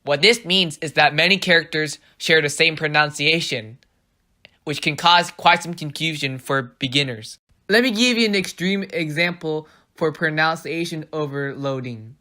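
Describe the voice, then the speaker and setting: A narrator reading a scripted explanation as a teacher, in a clear, explanatory way. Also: mid-range voice, moderate pace, bright, forceful tone.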